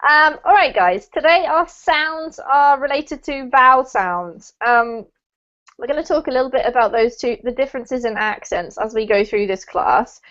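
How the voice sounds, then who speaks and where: A British woman from the UK teaches English pronunciation in an online class, chatty and encouraging with frequent ums. Her voice is high and fairly bright at a normal speed, heard through a video-call microphone with the highs cut off.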